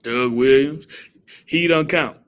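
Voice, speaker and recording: A man hosting a casual live stream, reading viewer comments aloud and giving shout-outs in an animated way. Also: mid-range voice, slow pace, clean tone.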